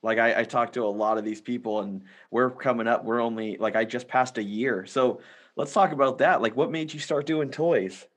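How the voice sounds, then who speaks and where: A man's voice: mid-range voice, moderate pace. A man hosting a casual toy podcast, asking questions in an eager, enthusiastic way. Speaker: podcast host. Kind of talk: casual interview.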